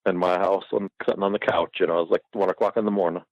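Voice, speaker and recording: A man's voice: low voice, little pitch movement, fast, no echo. A man telling a rambling, profane story as a podcast guest, laughing often. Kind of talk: casual storytelling. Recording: dull lo-fi recording.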